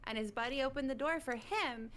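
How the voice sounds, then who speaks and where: A woman in the military, telling a long, animated story in casual chat over online voice chat. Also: sits high, brisk, slight background noise. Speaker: military service member. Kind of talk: casual chat on a game stream.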